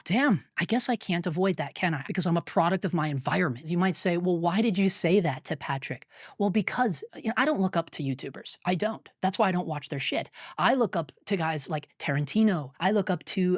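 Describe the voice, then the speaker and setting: A man's voice: sits high, no room sound, clean studio sound. A man, a filmmaker and YouTuber, giving blunt, rambling opinion commentary with frequent swearing and restarts.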